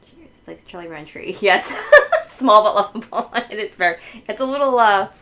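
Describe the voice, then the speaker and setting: A woman hosting a casual livestream, chatting while she decorates, laughing often and filling pauses with ums. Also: medium pitch, expressive, fairly bright tone, low-quality recording. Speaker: livestream host.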